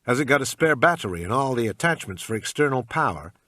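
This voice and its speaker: A man's voice: on the low side, animated, moderate pace, bright, forceful tone, no room sound. A man voicing a terse male agent who haggles in a bad put-on American accent. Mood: clipped. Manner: clipped, businesslike.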